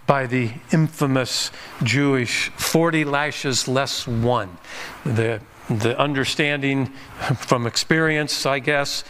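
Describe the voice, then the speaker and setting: A man's voice: medium pitch, sharp tone, slight background noise. A man preaching a sermon as pastor, emphatic, pushing his voice up on key points and sometimes restarting words.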